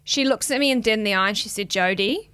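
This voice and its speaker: A woman's voice: a little high, rapid-fire, clear, resonant tone. A young woman with a New Zealand accent, co-hosting a podcast in casual chat, telling stories dramatically with lots of swearing. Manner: animated, dramatic storytelling with frequent swearing and laughter. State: burnt out, emotional. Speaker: podcast co-host.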